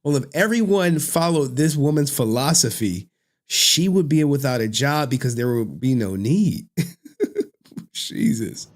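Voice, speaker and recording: A man's voice: medium pitch, expressive, normal speed. A man who streams reaction videos, chatting casually in loose slang and laughing often between remarks.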